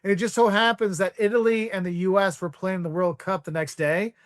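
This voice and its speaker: Speaking a little fast in a steady, high-pitched voice, a podcast guest in his forties wanders through casual travel anecdotes, voicing the people he quotes. The audio is studio quality, with no room sound.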